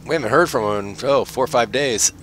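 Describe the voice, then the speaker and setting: A man voicing a gruff, jovial male villager who talks in loud, hearty exclamations. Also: medium pitch, fast, voice pushed up, lightly acted. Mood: curious.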